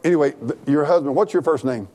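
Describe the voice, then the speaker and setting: This man's voice runs high and fast as he preaches to his church. The pastor's folksy, spirited message goes back and forth with the congregation, and he laughs right along with them.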